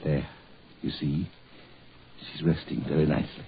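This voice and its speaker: An actor in 1940s radio drama playing a fussy middle-aged family doctor who soothes and lectures. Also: male voice, very deep voice, level tone, moderate pace, a little hiss or hum. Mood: soothing. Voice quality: soothing yet fussy, very husky. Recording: muffled old radio recording.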